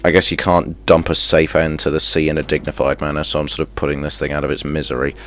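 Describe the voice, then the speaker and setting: A man playing a video game and commenting as he goes, muttering to himself, then bursting into yelps and shouts of excitement. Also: a bass voice, quick pace, a little hiss or hum. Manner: excitable, self-mocking, sudden yelps and mutters. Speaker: gaming streamer. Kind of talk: let's play commentary.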